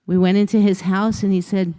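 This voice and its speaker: Speaking a little fast, a woman with a medium-pitched, dark, clear and resonant voice keeps her pitch fairly flat. She's a motivational speaker giving a storytelling keynote in a large conference hall, performing the dialogue of her personal story in shifting voices, with long hall reverb on the recording.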